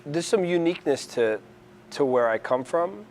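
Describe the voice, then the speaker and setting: A man's voice: a little high, normal speed, slight background noise. Man from New York City, casual interview tone, rambling delivery, faint ambience behind. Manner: rambling, restarts often, animated storyteller. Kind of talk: conversational interview.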